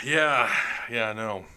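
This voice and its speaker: Bright-voiced podcast host. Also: male voice, fairly low pitch, clear, resonant tone. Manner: joking, chatty, flustered by tech trouble. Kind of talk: casual livestream chat.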